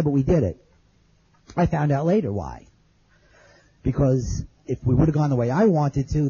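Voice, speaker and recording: A man's voice: on the high side, mellow, breathy edge, dull audio. A man telling an audience his survival story in plain, earnest words, repeating phrases as he remembers. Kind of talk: spoken testimony to an audience.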